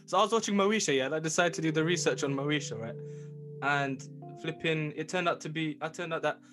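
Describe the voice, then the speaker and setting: A man's voice: a little high, a little fast, music in the background. A young man in his late teens co-hosting a casual podcast, joking and slangy, laughing often. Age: young adult. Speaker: podcast co-host. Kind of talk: casual chat.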